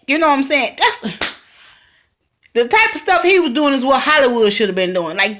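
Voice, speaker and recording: Excitable woman vlogger, fairly high voice. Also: moderate pace. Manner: chatty and excitable, talks straight to viewers. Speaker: vlogger recapping a TV drama. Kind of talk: casual TV recap vlog.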